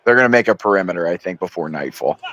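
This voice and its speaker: A man's voice: sits low, lively intonation, fast talker, a bit bright, highs cut off. Emphatic male streamer, casual commentary, slight hiss behind. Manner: emphatic, argumentative, says dude often. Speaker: livestream co-host.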